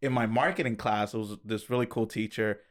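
A man's voice: on the low side, fairly even intonation, a little fast. A young man in casual chat, telling school stories in a laid-back way with lots of fillers.

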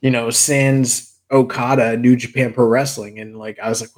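A young man co-hosts a podcast, his medium-pitched voice unhurried and fairly even in intonation. The chat is casual as he rambles through stories, laughs often and swears freely.

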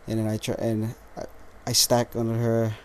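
A tired, lethargic man hosting a casual solo podcast, rambling with halting restarts and frequent swearing. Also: medium pitch, completely flat delivery, a little mellow, slight background noise. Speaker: podcast host.

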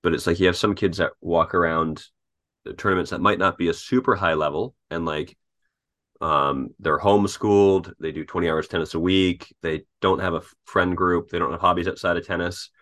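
A man with a very low voice co-hosts a coaching podcast. He talks bluntly and jokes around, dropping casual swear words as he chats. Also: fairly even intonation, brisk, a bit bright. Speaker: tennis coach, podcast co-host. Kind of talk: casual chat.

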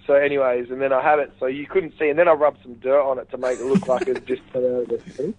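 A man guest in a casual phone interview, retelling events in a rambling, animated way and acting out what others said. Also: medium pitch, fast talker, no room sound. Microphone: phone call. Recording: tinny phone line, dry.

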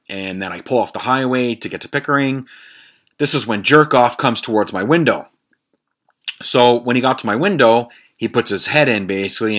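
A man hosting a podcast, telling a story in a casual, rambling way, with lots of swearing, fillers and restarts. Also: mid-range voice. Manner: animated, jokey. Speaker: podcast host.

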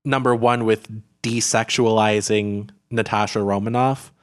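A podcast co-host reviews a film in casual conversation, rambling with lots of filler words and restarts. His voice is on the low side, steady, smooth and unhurried.

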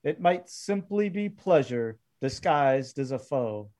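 A man voicing a calm male gunslinger who recites poetry in a slow, declamatory way. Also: mid-range voice. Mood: solemn. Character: calm adult male gunslinger poet, quietly smug.

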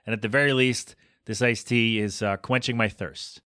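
A man's voice: lowish voice, steady tone, normal speed, pushed and bright, no echo, clean studio sound. A man hosting a solo podcast, rambling and self-deprecating as he rants about small annoyances. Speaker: podcast host.

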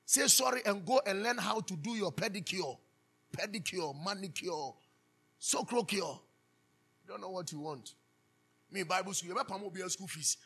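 A man preaching a sermon as pastor, animated, asking the congregation to finish his sentences. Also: high voice, normal speed, vocal fry, breathy edge. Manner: animated preaching with call-and-response questions.

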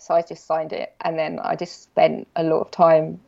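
A woman guest talking casually in an interview, telling stories with lively quoted exchanges and frequent laughs. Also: medium pitch, normal speed. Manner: animated anecdotes, acts out quoted exchanges, laughs often. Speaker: guest, designer and illustrator. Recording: dull lo-fi podcast recording.

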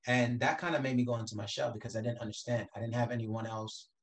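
A man who grew up in the Caribbean speaks as a guest on an interview show. His pitch sits in a middle range for a man, and his talk is relaxed and unhurried, sprinkled with "you know" and easy restarts. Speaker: guest, entrepreneur.

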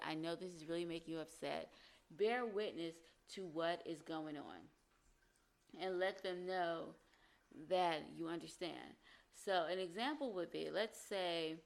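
A woman with a fairly low voice talks through relationship advice in a casual, conversational way. She slips into short acted examples of what partners might say. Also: gravelly. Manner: conversational, acts out example dialogue. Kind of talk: advice talk to camera.

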